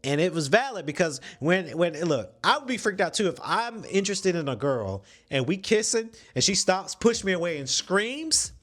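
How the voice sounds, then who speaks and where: A man hosting a podcast, casually retelling a movie plot in slangy, animated storytelling with some swearing. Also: sits high, normal speed, hardly any pauses, faint music behind. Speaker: podcast host.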